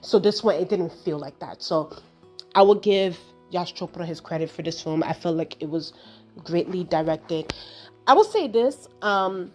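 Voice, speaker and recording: A woman giving a casual, chatty film review, animated and exasperated as she retells the plot with lots of asides and laughter. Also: fairly low pitch, moderate pace, faint music behind. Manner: exasperated storytelling, acting out her own reactions.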